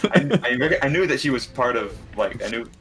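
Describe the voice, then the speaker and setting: A man's voice: mid-range voice, animated, brisk. A man playing in a tabletop game, chatting wryly and joking with the group. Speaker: player. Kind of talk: casual chat at a tabletop game.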